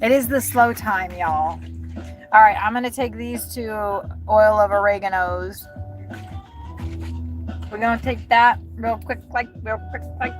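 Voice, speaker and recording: A delivery driver vlogger, a woman with a medium-pitched voice, chats casually with her livestream viewers from the car between drops. She talks a little slowly, pausing at length as she rambles, swears and thinks aloud. Music plays loudly behind her voice.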